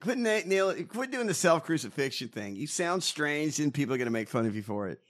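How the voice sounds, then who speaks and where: A man's voice: fairly high pitch, sing-song, a little fast, fairly bright tone. A man riffing on politics with blunt, scornful humor, cursing as he talks. His voice sits a little above the usual male range, and he leans hard on his jabs. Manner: blunt, mocking, swears a lot. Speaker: podcast co-host. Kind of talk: casual profane political commentary.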